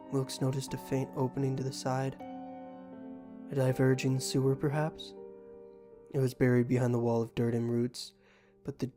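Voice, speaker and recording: A man reading a horror story aloud in an even, scripted storytelling manner, with faint music behind. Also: mid-range voice.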